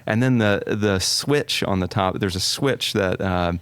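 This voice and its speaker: A man as a podcast guest, explaining guitar gear in an eager, halting way. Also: low-pitched, fairly bright tone, smooth, no room sound. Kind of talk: casual podcast interview.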